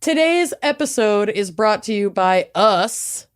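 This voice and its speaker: A woman's voice: medium pitch, lively intonation, slow pace, smooth. A woman, co-hosting a podcast in bubbly, joking casual chat. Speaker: podcast co-host.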